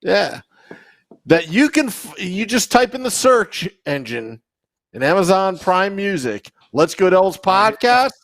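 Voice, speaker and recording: A man's voice: high voice, sing-song, unhurried, fairly bright tone, no echo, clean studio sound. A man co-hosting a fan podcast, chatting loosely and rambling through announcements. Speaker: podcast co-host. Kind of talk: casual podcast chat.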